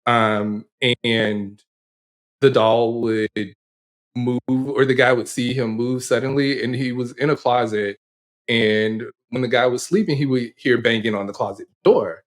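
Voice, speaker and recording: A man's voice: medium pitch, unhurried. Laughing man telling spooky stories. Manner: laughs often, rambling animated storytelling. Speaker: podcast co-host. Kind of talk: casual chat.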